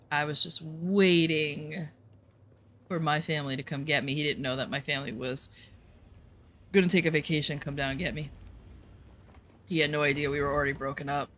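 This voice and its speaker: A woman's voice: low-pitched, a bit bright, slight background noise. Blunt woman telling a story casually. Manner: candid, blunt, swears freely; rambling with fillers and restarts. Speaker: vlogger.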